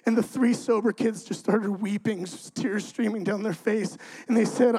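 A young man with a notably high voice preaches his testimony in an animated storytelling way. He drops to hushed, confiding tones, then bursts out loud and excited. Casual phrasing keeps it conversational. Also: moderate pace, hardly any pauses, breathy edge, rough recording. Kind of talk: energetic testimony sermon.

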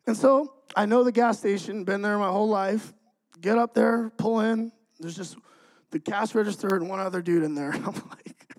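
A young man telling a testimony as a sermon, shifting between quiet, hushed passages and loud, excited bursts. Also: sits high, unhurried, poor audio. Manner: animated storytelling, swings from hushed to loud and excited. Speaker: preacher sharing testimony.

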